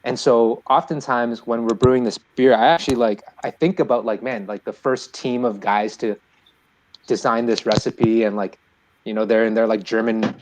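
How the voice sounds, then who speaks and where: A man, a guest brewer on a podcast, telling an animated story in casual chat with many fillers. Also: medium pitch, slight background noise, rough recording.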